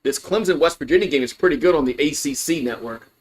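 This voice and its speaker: A fan hosting a college baseball livestream gives loose, meandering play-by-play, packed with fillers and false starts. His voice is fairly high and he talks fast.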